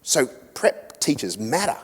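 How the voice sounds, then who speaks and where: A middle-aged Australian man giving a seminar talk to a church group, an animated storyteller who acts out quotes with self-mocking humour. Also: medium pitch, unhurried, slightly rough. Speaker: guest speaker on family relationships. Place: church hall. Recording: echoey hall with long reverb.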